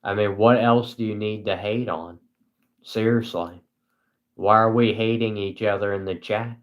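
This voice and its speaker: A young man rambles to his live chat in a dry, self-deprecating monotone. His pace is slow, and his voice sits a little low. He sounds like a small-time streamer on a casual broadcast. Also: lo-fi sound.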